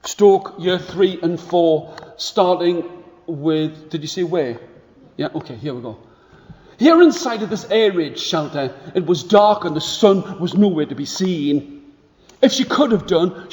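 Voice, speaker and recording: In a big school hall that gives his voice a long reverb, a man with a rather high voice tells a story to schoolchildren. He takes his time and pauses to get them joining in. His animated delivery pulls the children into doing the actions.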